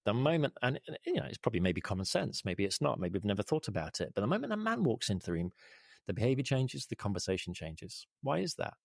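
A man's voice: fairly low pitch, sing-song, fast talker, gravelly, no room sound, clean studio sound. A man talking earnestly in an interview, asking rhetorical questions as he argues a point. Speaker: guest, leadership advocate. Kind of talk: conversational interview.

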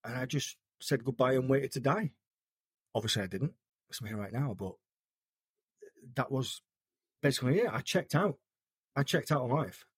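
A man from the United Kingdom speaks as an interview guest, recounting his story earnestly and haltingly, often restarting his sentences. His voice sits at an everyday middle pitch. The recording is dry and close. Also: expressive, husky, no room sound. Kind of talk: personal story in conversation.

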